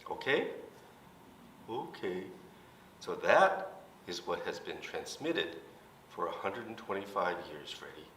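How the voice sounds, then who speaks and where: A seventy-year-old man, a minister, explaining things gently and patiently in a light comedic skit. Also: low-pitched, sing-song, slow, pauses often, a little hiss or hum. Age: 70s. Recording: roomy hall, mic at a distance.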